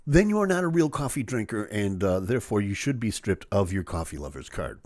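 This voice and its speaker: Man hosting a live stream: jokey, animated, with a dry, close sound. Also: on the low side, fairly quick, few pauses, dry recording. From Chicago. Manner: animated, jokey, acts out voices. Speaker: host of a live show. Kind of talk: casual live-stream chat.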